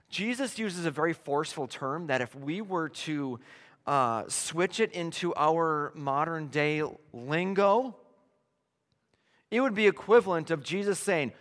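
A man preaching a sermon, emphatic and animated, dropping to hushed tones and then rising to loud declarations. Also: a little high, measured pace. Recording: long hall reverb.

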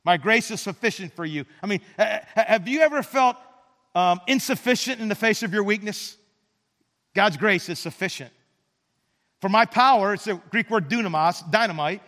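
A pastor preaching with a high voice that rings through a large, reverberant hall. He speaks earnestly, restarts with repeated words and sinks to quiet emphasis on key lines. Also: animated, moderate pace. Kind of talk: sermon.

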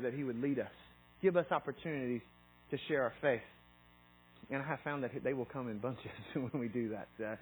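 A man's voice: mid-range voice, slight background noise, low-quality recording. A middle-aged man giving a conversational sermon, often restarting his sentences and reading scripture aloud. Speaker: preacher.

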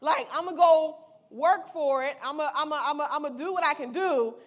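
A debtor man , as a woman preacher puts him on, pleads for more time in casual slang. The voice is high and light. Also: moderate pace, natural voice. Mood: pleading.

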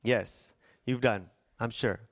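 A man's voice: medium pitch, steady tone, slow pace, dry recording, studio quality. A man preaching a sermon, retelling a scripture story with playful asides and questions to the congregation. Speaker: pastor.

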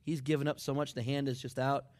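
A man preaching a sermon, dropping to near whispers and building up to excited shouts. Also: medium pitch, fast talker. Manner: dramatic swings from hushed to shouting. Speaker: pastor.

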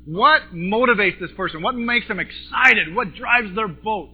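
A man preaching a sermon to a congregation, impassioned, swinging between loud and soft. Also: high-pitched, a little slow, slightly rough. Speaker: pastor. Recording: tinny phone-like recording with faint music.

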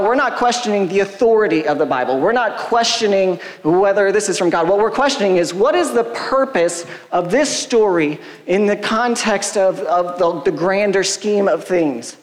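A man preaching a casual sermon, retelling the story conversationally with quick quoted asides. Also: high-pitched. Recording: long hall reverb.

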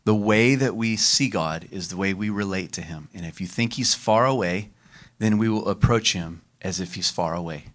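A man's voice: sits low, normal speed, fairly bright tone. Man preaching a sermon. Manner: leads the congregation in call-and-response, varies his pace for emphasis. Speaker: pastor.

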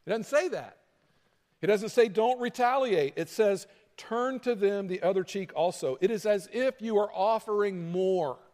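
Preaching a sermon in a relaxed, conversational style, this high-voiced pastor sometimes acts out angry quarrels, his pitch rising as he makes his point. He speaks at normal speed with a darkish tone, and a large church hall lends a long reverb.

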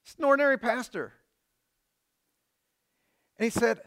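A pastor preaching a sermon, swinging between loud passionate build-ups and hushed, quiet appeals. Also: male voice, fairly high pitch, a little slow, pauses often.

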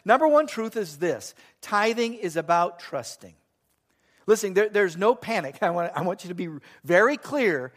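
High-voiced middle-aged preacher. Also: male voice, sing-song, normal speed. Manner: earnest preaching with joking asides. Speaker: pastor. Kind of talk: sermon. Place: church.

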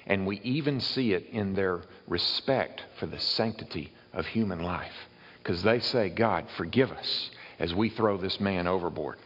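A man's voice: low voice, unhurried, breathy edge, big-room sound, highs cut off. A man preaching a sermon, explaining and reading Bible verses aloud to his congregation. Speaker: pastor.

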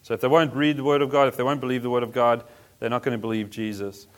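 A man's voice: medium pitch, little pitch movement, fast. Man preaching in a casual, chatty way. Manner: conversational, casual preaching with slang. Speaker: pastor. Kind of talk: sermon.

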